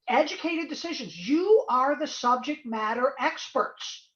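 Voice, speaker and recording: A woman's voice: sits high, roomy sound, highs cut off. A woman speaking as a guest in an online talk, giving emphatic and encouraging advice over a video call. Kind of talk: webinar talk.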